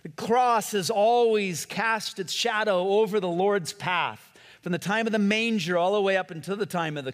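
Male pastor, chatty sermon delivery, acts out quotes, slightly higher voice, long hall reverb. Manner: conversational preaching, acts out quotes, frequent restarts.

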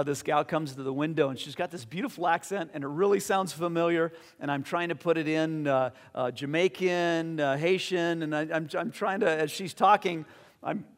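A man's voice: a little high, in a large hall. A man preaching a sermon as pastor, telling stories in an earnest, conversational way with fillers, then leading a closing prayer.

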